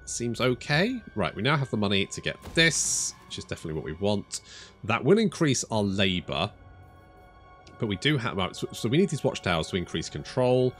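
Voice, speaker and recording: A man talking through a strategy game he is playing, thinking out loud and rambling, with the odd swear word slipped in. His pitch is middling, but his delivery is lively and bounces up and down a lot. He often stops to correct himself mid-sentence. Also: normal speed, soft background music. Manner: casual, thinks aloud, swears, self-correcting. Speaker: gaming YouTuber. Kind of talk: strategy game let's play commentary.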